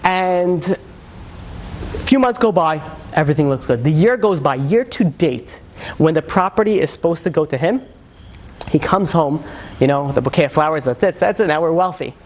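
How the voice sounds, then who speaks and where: A man, a rabbi, telling a dramatic story in a sermon, with lively, conversational storytelling that swings into character voices. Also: normal speed, a little hiss or hum. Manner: animated storyteller, acts out characters with shifts in pitch; conversational, many fillers.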